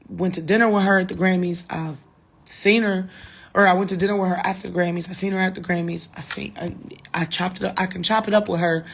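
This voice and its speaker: A woman's voice: fairly low pitch, vocal fry, a bit bright. A woman in her thirties, a little drunk, rambling casually and profanely to fans in a late-night phone livestream.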